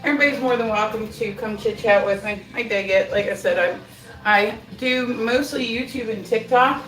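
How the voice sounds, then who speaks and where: A woman's voice: fairly high pitch, moderate pace, a bit bright, distant mic. A middle-aged woman hosting a casual live stream while baking in her home kitchen, chatty, laughing often and swearing casually. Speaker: livestream host. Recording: echoey kitchen, voice from off-mic.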